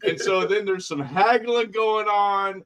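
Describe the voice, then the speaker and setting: Male podcast co-host, playful and quick to laugh, voice a bit high. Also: fairly bright tone. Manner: joking, laughs often. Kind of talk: casual chat.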